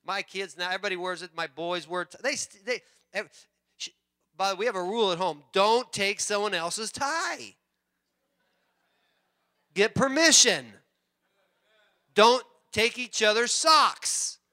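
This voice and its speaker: A man pastor preaching a sermon in church, animated and joking with the congregation. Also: sits high, measured pace, long pauses. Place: church sanctuary.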